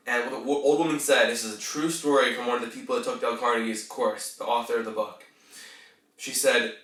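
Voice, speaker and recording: A man's voice: medium pitch, fairly even intonation, fairly quick, a bit bright. A man hosting a podcast, talking casually in a coaching tone, swearing now and then and tending to mumble. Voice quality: tends to mumble. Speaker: podcast host. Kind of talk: casual self-help monologue. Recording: roomy, distant from the mic.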